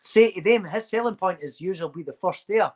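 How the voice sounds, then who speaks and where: A man's voice: sits high, a little fast. A man telling a long, sweary anecdote in casual chat, acting out the people in it. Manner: swearing, animated anecdote-telling with acted quotes. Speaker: podcast host.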